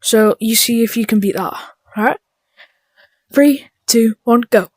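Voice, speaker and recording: A woman giving chaotic, dark-humored let's-play commentary, muttering and often dropping into whispers. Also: a little high, unhurried, no room sound, clean studio sound. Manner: drops into whispers. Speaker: gaming YouTuber.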